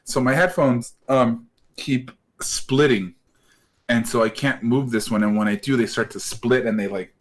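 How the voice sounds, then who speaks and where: A man's voice: mid-range voice, steady tone, measured pace. A man co-hosting a podcast, chatting casually, joking and laughing, swearing freely. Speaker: podcast co-host. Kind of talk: casual chat.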